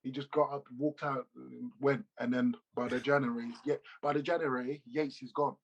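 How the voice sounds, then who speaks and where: A man, a former footballer, telling animated, slangy stories as an interview guest over a video call. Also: mid-range voice, normal speed, vocal fry, dull audio, slight background noise. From England. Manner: animated, loose slangy storytelling with repeats. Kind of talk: casual interview storytelling.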